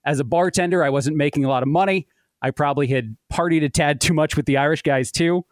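A man's voice: a little high, fast talker, no echo, studio quality. A man in his thirties, a podcast guest, telling a long personal story in a chatty way and laughing at his own tale. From United States. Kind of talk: casual storytelling.

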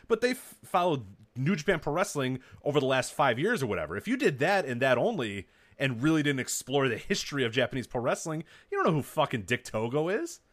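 Male podcast co-host, rapid and lively, chatty rambler who laughs a lot. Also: a little high. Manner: fast rambling storyteller, laughs often. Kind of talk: casual chat.

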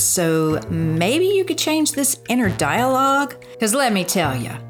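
A woman doing a sassy Southern inner voice. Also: mid-range voice. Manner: cheeky, mocking. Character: sarcastic female inner voice, teasing. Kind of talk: comedy sketch in a podcast.

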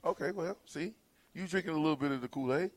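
A man's voice: on the high side, fast talker, no room sound. A man hosting a sports talk radio show, bantering and laughing with his co-hosts in the studio. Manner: animated, laughing, playful teasing.

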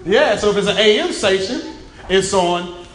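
A raspy-voiced man giving an interactive seminar talk, emphatic, repeating key phrases and quizzing his live audience. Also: sits high, lively intonation, normal speed, fairly bright tone. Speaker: motivational speaker. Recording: echoey room, faint ambience.

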